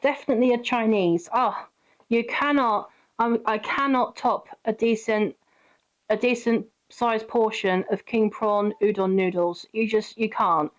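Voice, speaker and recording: A woman's voice: on the high side, a little slow, muffled recording. A British woman streaming a game, chatting casually with her viewers and greeting them by name. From Britain. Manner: chatty, giggly, talks to chat by name.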